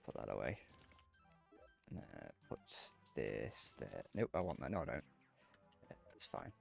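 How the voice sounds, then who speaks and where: Lively man streaming a game. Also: rumbling low, a little slow, vocal fry, faint music behind. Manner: rambling, joking, answers chat messages. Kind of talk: casual live-stream chat while gaming.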